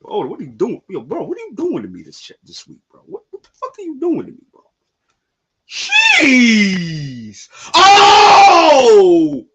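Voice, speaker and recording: A young man on a live reaction stream, talking in slang and breaking into shouted outbursts. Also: extremely high pitch, huge pitch swings, a little slow, slight background noise. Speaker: streamer reacting to a manga chapter.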